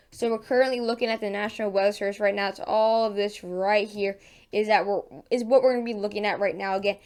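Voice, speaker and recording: A woman's voice: mid-range voice, darkish tone, clear, resonant tone. A woman hosting a casual weather forecast vlog in her just-woken morning voice, chatty and full of fillers and self-corrections. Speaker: weather channel host.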